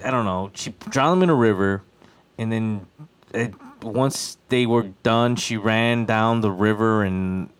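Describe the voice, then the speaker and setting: A man's voice: on the low side, fairly even intonation, a little slow, clear, resonant tone. A young man from Chicago chatting casually on a podcast, rambling and repeating himself as he tells a story. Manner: rambling, repeats himself, puts on a wailing voice for quotes. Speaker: podcast co-host. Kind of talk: casual chat.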